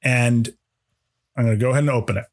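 A man's voice: medium pitch, fairly even intonation, fast, a little hiss or hum. A man co-hosting a comedy podcast, chatting in a playful way and laughing often. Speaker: podcast co-host. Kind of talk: casual comedic chat.

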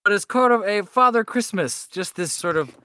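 A man throwing out character ideas on a podcast, swinging his pitch widely and laughing at himself. His voice is bright and sounds close and dry. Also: normal speed, no room sound. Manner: animated, laughing, self-deprecating. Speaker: player. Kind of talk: casual podcast chat.

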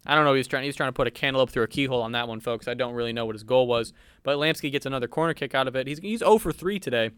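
A man's voice: mid-range voice, racing, a bit bright, smooth, no room sound. A young man doing playful mock sports commentary on a football video game, in a mock-serious broadcaster tone with fillers.

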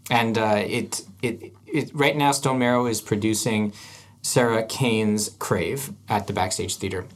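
A man's voice: lowish voice, steady tone, unhurried. Rambling man hosting a podcast. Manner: rambling with restarts, thinking aloud. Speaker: podcast host. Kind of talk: casual chat.

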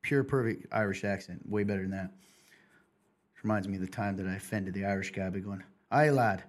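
A husky-voiced man, host of a casual podcast, telling a story. He rambles and restarts his sentences, with a slightly breathy edge on his words. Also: sits low, monotone, fast.

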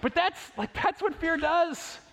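A man's voice: extremely high pitch, a little slow, a bit bright. A man in his thirties or forties preaching a sermon as a pastor, telling stories conversationally and asking the congregation rhetorical questions. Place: church sanctuary. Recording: long reverb of a large church hall.

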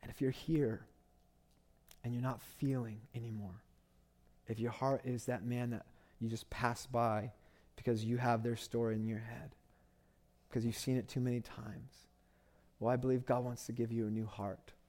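A man's voice: mid-range voice, little pitch movement, normal speed, long pauses, warm tone. A man, a pastor preaching a sermon with impassioned storytelling and repeated phrases for emphasis.

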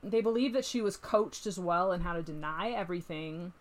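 A woman with a slightly low voice hosts a casual true crime chat. She is animated and reads letters and texts aloud with emphasis. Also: brisk. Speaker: podcast host.

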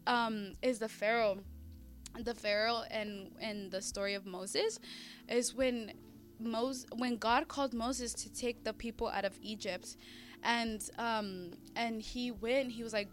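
A woman talks through faith in a relaxed, animated way. She often restarts her sentences. Her voice sits fairly high, with soft music faintly behind her. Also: measured pace. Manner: animated, acts out quotes, frequent restarts. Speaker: co-host of a faith discussion. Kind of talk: casual faith discussion.

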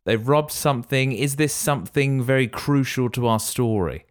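A man's voice: medium pitch, moderate pace, no echo, clean studio sound. A man co-hosting a comedy podcast, playfully chiming in with guesses about the story. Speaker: podcast co-host guessing the plot.

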